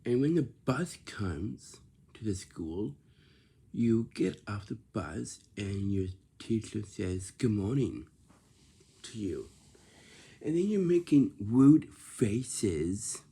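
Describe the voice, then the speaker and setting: A man's voice: on the low side, very animated, takes it slowly, vocal fry, dark tone, husky. A man talking casually to camera, lecturing about lazy and rude behaviour and repeating himself often. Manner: repetitive, lecturing about manners.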